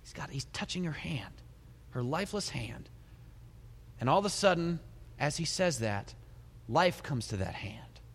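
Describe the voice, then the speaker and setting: A middle-aged male pastor preaching a sermon in a large hall, his voice ringing with a long reverb. He tells the story in an animated way, his pitch swinging widely, with soft laughs between lines. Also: measured pace, slightly rough.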